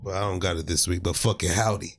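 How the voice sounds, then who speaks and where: A man's voice: low voice, steady tone, fast talker, gravelly, no room sound. A man talking casually on a podcast, laid-back and slangy, dropping plugs and quips.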